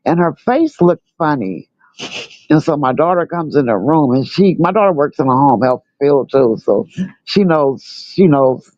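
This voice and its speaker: A woman's voice: very deep voice, moderate pace, no room sound, lo-fi sound. An older grandmother telling her own story casually, repeating herself and acting out what people said. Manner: animated, repeats herself, acts out quotes.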